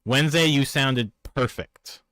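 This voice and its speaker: A man's voice: mid-range voice, a little slow, pushed and bright, no echo, clean studio sound. A man with a Newfoundland accent, chatting casually on a live stream and arguing with viewers about his microphone. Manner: exasperated, arguing with chat about his mic.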